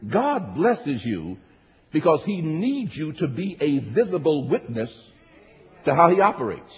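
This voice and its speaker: A man preaching in a church, his voice rising and falling with lively energy and sitting a little high. He repeats phrases and calls out to his congregation. The sound rings through a reverberant hall and comes across muffled and lo-fi. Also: measured pace. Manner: animated, repetitive call-and-response preaching. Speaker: pastor. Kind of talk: sermon. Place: church sanctuary.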